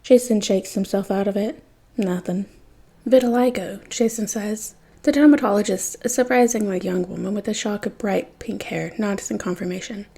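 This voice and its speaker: Soft, breathy woman reading a story. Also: medium pitch, moderate pace, hardly any pauses. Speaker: podfic reader. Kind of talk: scripted narration of fan fiction.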